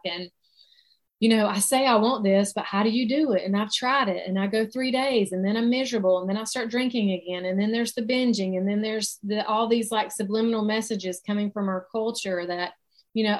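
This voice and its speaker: A woman's voice: medium pitch, fairly quick. Southern woman, chatty coaching talk. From South Carolina, US. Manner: casual, chatty, faith-centered, uses "like" and "y'all". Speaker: alcohol-free coach. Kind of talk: online coaching session.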